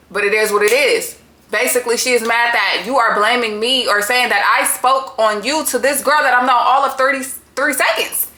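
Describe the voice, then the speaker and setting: A woman's voice: a little high, pushed and bright. A woman hosting a casual reality TV recap, talking bluntly and exasperated, swearing freely as she reacts. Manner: blunt, exasperated, heavy cursing. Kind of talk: casual profane recap commentary. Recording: echoey room.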